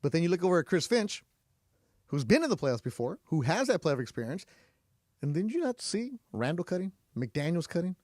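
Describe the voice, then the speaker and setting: A man hosting a sports radio show in a studio, talking in an animated, rhetorical and punchy way. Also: a little high, brisk, no room sound. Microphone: studio microphone.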